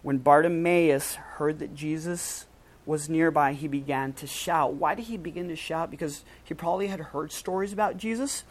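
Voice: medium pitch, moderate pace, low-quality recording. A preacher giving a casual, conversational sermon, using slang and acting out quoted lines with a raised voice.

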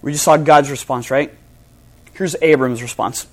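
A man's voice: on the high side, steady tone, moderate pace. Dynamic male pastor preaching. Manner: dynamic, swings between loud emphasis and hushed softness. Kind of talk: sermon. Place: church hall before a congregation.

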